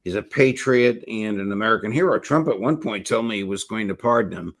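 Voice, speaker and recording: A man hosts a political interview program in a somewhat low voice. He talks in a measured way and pauses often between phrases. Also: expressive. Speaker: host.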